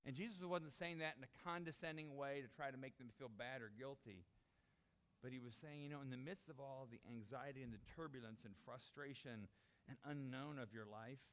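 A man preaching a sermon, animated, acting out the disciples' desperate cries. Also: mid-range voice. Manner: animated, acts out voices of the disciples. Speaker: pastor.

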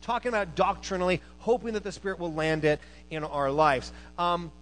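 A man preaching a sermon to a church, animated, moving between loud emphasis and quiet asides, who also teaches college students. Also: sits high, moderate pace, rough recording.

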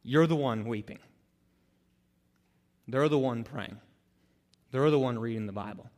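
A man preaching a sermon as a pastor, animated and acting out the people he quotes. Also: mid-range voice, a little slow. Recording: long hall reverb.

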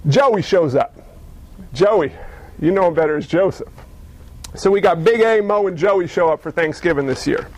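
A male pastor gives a humorous, lively sermon told as a story. His voice sits fairly high, and the sound is dry and close with no room echo. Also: normal speed, pauses often. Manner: animated, humorous.

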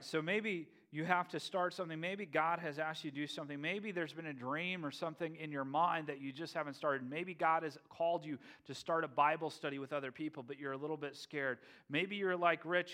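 A man preaching a sermon, lively and humorous, acting out scenes. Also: on the high side, a little fast, hardly any pauses. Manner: animated, acts out biblical figures with playful humor. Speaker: pastor.

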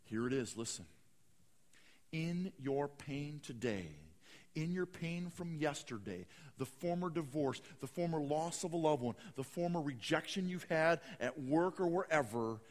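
A man preaching a sermon, swinging from hushed, slow lines to loud, dramatic bursts. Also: on the high side, lively intonation, big-room sound. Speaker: pastor.

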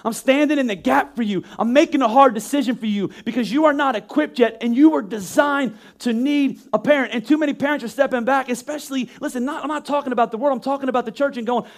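A man with an unusually high voice delivers a sermon with emphatic, rhetorical force. He is in his thirties and keeps slipping into the voices of the people he quotes. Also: fast, hardly any pauses. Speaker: pastor.

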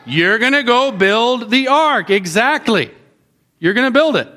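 A man preaching to children in an animated way, often asking them questions. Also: very high-pitched, a little slow. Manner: animated, asks the kids questions. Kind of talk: sermon to children.

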